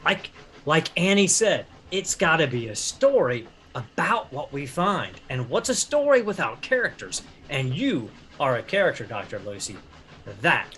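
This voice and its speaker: An eager, fussy writer, as a man plays him at the table, chatty and over-polite as he rambles on. His voice sits a little high and swings lively up and down, with faint hiss in the background. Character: eager, fussy male writer taking notes. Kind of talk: tabletop role-play in character.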